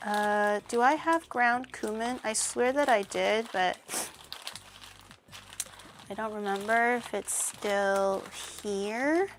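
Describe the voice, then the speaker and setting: A woman streamer chatting casually while she cooks, rambling and breaking into animated mock-outraged rants. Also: mid-range voice, slow, a little hiss or hum. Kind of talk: casual livestream chat while cooking.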